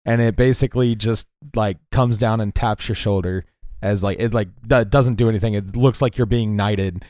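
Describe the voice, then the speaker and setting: A man narrating a tabletop game as game master in a relaxed storytelling manner with frequent fillers. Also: on the low side, normal speed, no echo, studio quality.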